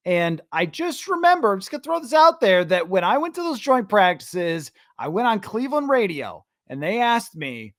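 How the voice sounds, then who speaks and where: A man hosting a sports podcast, ranting in animated, sarcastic casual chat. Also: high-pitched, normal speed, few pauses, no echo, studio quality. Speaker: podcast host.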